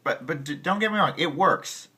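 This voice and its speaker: Bright-voiced man chatting through a piano lesson. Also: on the high side, expressive, normal speed, husky. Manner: rambling, many restarts, sings and scats examples. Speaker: piano teacher. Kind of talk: casual music tutorial.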